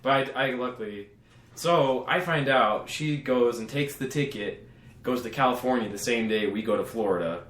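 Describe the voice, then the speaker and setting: A man's voice: mid-range voice, normal speed, fairly bright tone. A young man on a podcast, telling a story with lots of swearing and acting out what others said. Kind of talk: casual storytelling chat. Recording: roomy echo with faint background hum.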